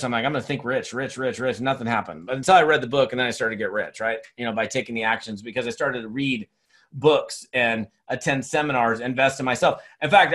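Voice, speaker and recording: A man in his fifties giving a motivational sales training talk, telling stories in an energetic, chatty way full of restarts. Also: medium pitch. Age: 50s. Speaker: network marketing speaker and trainer. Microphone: webinar recording.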